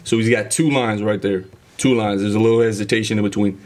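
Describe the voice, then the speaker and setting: A man's voice: lowish voice, steady tone, fast, a little mellow. A man hosting a music reaction video, talking casually and enthusiastically as he breaks down the rhythm and delivery aloud. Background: music playing behind.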